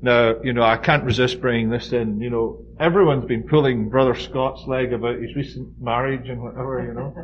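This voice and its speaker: A man's voice: medium pitch, steady tone, brisk, few pauses, muffled recording, a little hiss or hum. A man giving a conversational Bible study, leaning hard on key words and often saying "you know". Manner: informal, frequent "you know", stresses key words emphatically.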